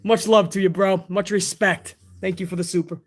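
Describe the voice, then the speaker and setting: A hoarse man hosting a live stream, chatting casually and profanely while reading out fan messages. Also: high-pitched, moderate pace. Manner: profane, excitable, chummy.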